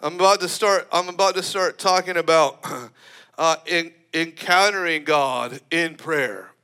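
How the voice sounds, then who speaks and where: A man preaching a sermon in an animated, emphatic way, often breaking into laughter. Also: fairly high pitch, a little slow, smooth.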